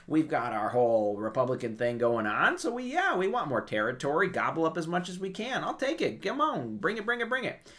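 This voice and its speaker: Man doing boastful grabby empire, very high squeaky taunting. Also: big pitch swings, fairly quick, a bit bright. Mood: greedy.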